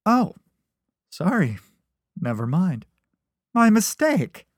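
A man voicing a pushy, cheerful teenage best friend who talks loudly and jokes around. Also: high voice, wildly swooping pitch, takes it slowly, no room sound, studio quality, voice pushed up, exaggerated voice. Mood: flustered.

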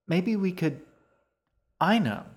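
A man's voice: mid-range voice, animated, moderate pace, darkish tone, close to an everyday voice. A man voicing a resourceful young girl stuck in a diner, thinking up escape plans. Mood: scheming. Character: anxious, plucky young girl.

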